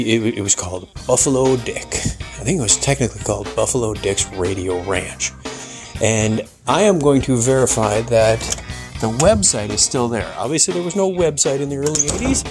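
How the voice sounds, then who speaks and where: A man in his forties from Michigan hosting a chatty, rambling solo podcast. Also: medium pitch. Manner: chatty, rambling, laughs and restarts. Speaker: podcast host. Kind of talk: casual solo podcast monologue.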